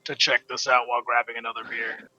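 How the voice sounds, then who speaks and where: A man describing his character's actions as a player in a tabletop game, with relaxed, hesitant speech. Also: medium pitch, quick pace. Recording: dull, lo-fi sound.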